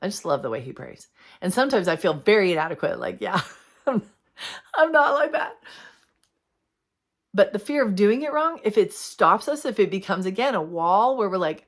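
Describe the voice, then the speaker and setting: A woman's voice: medium pitch, sing-song, moderate pace. A woman hosting a Christian video, talking candidly and with feeling about prayer and sometimes acting out what she prays. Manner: heartfelt, candid, acts out her prayers. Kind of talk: earnest conversational devotional talk.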